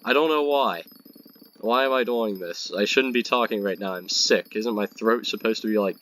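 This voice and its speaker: A man's voice: fairly low pitch, fairly bright tone, a little hiss or hum. A young man with a stuffy nose from being sick, rambling casually while playing a game. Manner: rambling, chatty, self-mocking. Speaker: gaming video creator.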